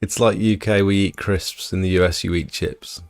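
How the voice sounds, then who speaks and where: A man's voice: low-pitched, fairly even intonation, moderate pace. A British man hosting a livestream, chatting casually and answering viewers' questions as they come in. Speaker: livestream host. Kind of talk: casual live chat.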